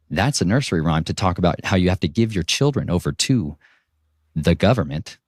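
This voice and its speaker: A man's voice: deep voice, lively intonation, fairly quick. A man explaining earnestly in a clip played from another podcast.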